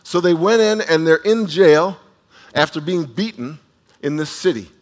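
A man preaching a sermon, retelling a scripture story in a conversational, animated way with asides to the listeners and frequent restarts. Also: on the high side, a little slow. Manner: restarts and repeats words while speaking. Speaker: pastor.

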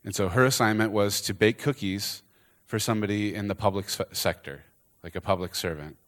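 Preacher guy telling a story, voice a bit low, acts out all the characters. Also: a little fast. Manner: animated storyteller acting out the characters. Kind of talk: storytelling sermon.

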